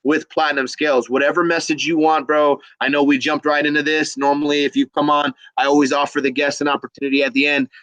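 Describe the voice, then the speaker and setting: Excited guy hosting a live chat show, kinda high voice, dry sound. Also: quick pace, hardly any pauses, no room sound, lo-fi sound. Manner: upbeat, enthusiastic, reads chat aloud. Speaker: livestream host. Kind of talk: casual livestream chat.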